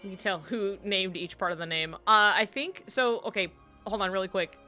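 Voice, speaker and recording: A woman's voice: mid-range voice, normal speed. Giggly woman streamer over game music. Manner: giggly, animated storytelling. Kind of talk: casual chat while playing a video game.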